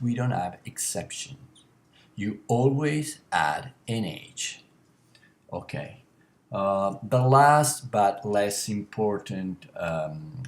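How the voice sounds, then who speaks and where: A man gives a classroom lesson in a lowish voice, taking his time. He explains step by step, pausing often and correcting himself as he goes. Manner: slow, deliberate explaining with many pauses and self-corrections. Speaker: language teacher. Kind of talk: classroom lecture.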